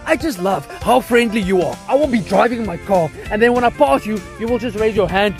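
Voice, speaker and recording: A man with a very high voice talks quickly and playfully, listing his points with animated delivery. Faint music sits behind him. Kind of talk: casual talk to camera.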